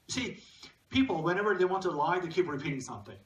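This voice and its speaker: A man's voice: sits high, lively intonation, fast talker, far from the mic, highs cut off. Man with lecturing in echoey hall. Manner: reads poem lines aloud and comments, asks the audience questions. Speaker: literature lecturer. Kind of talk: lecture to a live audience. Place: cinema hall.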